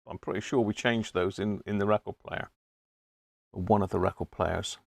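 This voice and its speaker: A man's voice: lowish voice, fairly even intonation, normal speed, vocal fry, no room sound, clean studio sound. A man hosting a casual live repair stream, chatting and muttering to himself while he works at his bench. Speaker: electronics repair hobbyist host.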